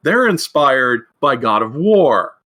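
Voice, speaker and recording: A man's voice: mid-range voice, big pitch swings, slow pace, sharp tone. A man co-hosting a podcast about game design, talking casually in long rambling runs with frequent restarts and fillers. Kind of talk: casual discussion.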